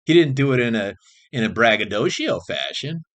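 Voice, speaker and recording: A man's voice: mid-range voice, very animated, moderate pace, a bit bright. A man vlogging in a rambling, casual monologue, cursing freely, restarting sentences and jumping between topics. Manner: frequent restarts and repeated phrases.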